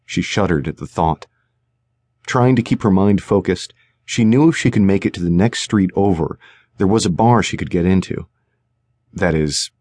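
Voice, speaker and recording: Male narrator, deep low voice, suspense audiobook, dry studio sound. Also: a little mellow, no echo. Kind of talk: scripted narration.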